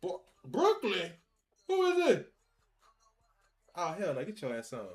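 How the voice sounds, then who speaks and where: A man giving excitable, laughing, slangy pack-opening commentary, talking to the game and cards as he goes. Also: sits high, unhurried, soft background music. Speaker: gaming video creator.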